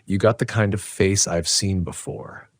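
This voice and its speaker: Wary, slow-talking diner waitress, read by a man with a low voice. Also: steady tone, dry recording. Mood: ominous. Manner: slow, probing. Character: wary small-town female diner waitress.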